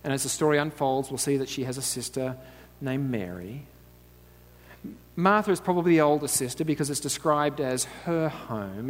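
A man delivers a relaxed, conversational sermon, mixing storytelling with light asides and frequent chuckles. He keeps drawing the audience in with quick questions. The sound has a long reverb, like a large church hall. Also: medium pitch. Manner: chatty, asks the audience "right?", laughs often. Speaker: preacher.

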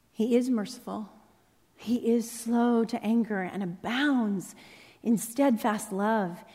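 A woman preacher delivering an impassioned, dramatic sermon in a church sanctuary. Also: on the high side. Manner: impassioned, dramatic, rising and falling intensity. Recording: long reverb in a large hall.

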